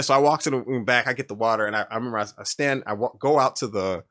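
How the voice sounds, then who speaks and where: A man's voice: medium pitch, very fast, fairly bright tone. A young man telling his story in a casual, rambling way with many fillers and restarts.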